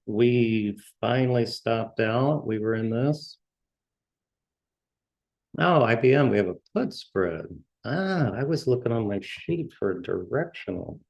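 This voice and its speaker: Hosting a trading show, this man talks through stock charts in a casual commentary style, stumbling and repeating words while he scans them. His voice sits at medium pitch with vocal fry and a darkish tone. There's no echo, but the high frequencies are cut off.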